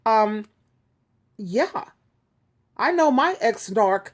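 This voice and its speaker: A woman's voice: on the high side, lively intonation, unhurried. A woman hosting her own advice channel, talking casually to viewers in a chatty, rambling way, often giggling and restarting her sentences. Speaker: YouTube advice host. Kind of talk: casual talk to camera.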